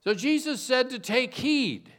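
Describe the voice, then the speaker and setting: A man's voice: extremely high pitch, lively intonation, a little slow, a bit bright. A man preaching a sermon, from suburban Chicago, asking rhetorical questions and telling homespun stories. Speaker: pastor.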